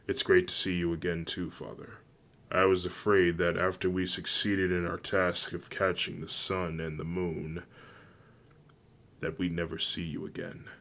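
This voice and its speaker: A man voicing an eager, calm young male sun wolf speaking to his father, in a flat reading. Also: sits low, unhurried, vocal fry, a little hiss or hum, heavily acted.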